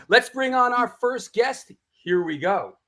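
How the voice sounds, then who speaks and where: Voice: mid-range voice, animated, takes it slowly, bright, forceful tone. A host running a live online show, introducing a guest and bantering playfully. The talk is easygoing and full of jokes. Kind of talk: casual chat.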